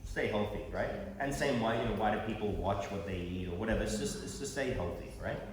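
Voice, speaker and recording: This temple class speaker has a low voice and talks fairly quickly, running a conversational scripture class before an audience in a temple hall. His manner is informal and teasing, and he keeps asking the audience questions. The recording carries the hall's echo and a little faint noise.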